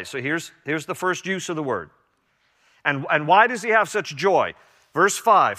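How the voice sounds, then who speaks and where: A man's voice: on the high side, big pitch swings, moderate pace, sharp tone. An older man preaching a sermon as pastor, earnest and emphatic, repeating key lines. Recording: long hall reverb.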